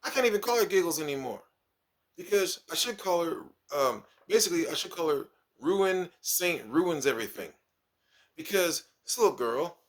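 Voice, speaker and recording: A man's voice: fairly high pitch, normal speed. A man, a kindergarten teacher, telling stories from his class in a casual vlog and acting out his pupils. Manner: animated, acts out his pupils.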